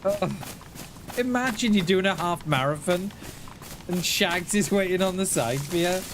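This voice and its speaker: A man talks to his viewers during a live game stream, slow and unhurried, his voice sitting a little high. He laughs often and keeps calling people mate. Clear noise runs behind him. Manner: laughing, chatty, addresses chat as mate. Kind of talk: live gameplay stream chat.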